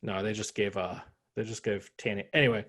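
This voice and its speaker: A man co-hosting a casual sports podcast, ranting with animated, profane jokes. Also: lowish voice, fairly quick, slightly rough. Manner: animated, profane, joking rants. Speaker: podcast co-host.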